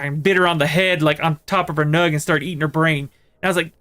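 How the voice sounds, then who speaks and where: Male game streamer, slightly high pitch, chatty and meandering storyteller. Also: fairly even intonation, fast talker, fairly bright tone. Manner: rambling storyteller, many fillers and restarts. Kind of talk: casual chat while playing a horror game.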